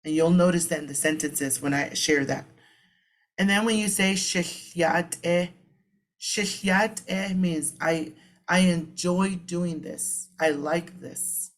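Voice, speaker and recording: A woman giving a relaxed spoken lesson, repeating each word slowly and patiently as a language teacher. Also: low voice.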